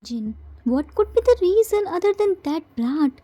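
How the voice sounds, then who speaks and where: A woman's voice: extremely high pitch, big pitch swings, normal speed, dark tone. A woman voicing a vain, dramatic grown man who complains theatrically.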